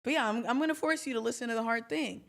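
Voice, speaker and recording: A young woman hosting a trading livestream, talking in a chatty, emphatic and animated way. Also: on the high side, quick pace, vocal fry. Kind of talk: casual livestream talk.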